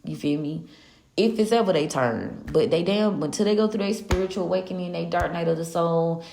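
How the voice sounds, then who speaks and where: A woman's voice: on the low side, fairly quick, gravelly, warm tone, roomy sound, slight background noise. A woman hosting a live spiritual reading, ranting casually in a sassy, profane way and laughing often. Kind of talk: casual live-stream rant.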